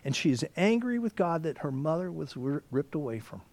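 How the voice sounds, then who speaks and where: A man preaching a sermon, dropping to whispers and rising to near shouts as he acts out the story. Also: on the high side, sing-song, fairly quick. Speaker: pastor.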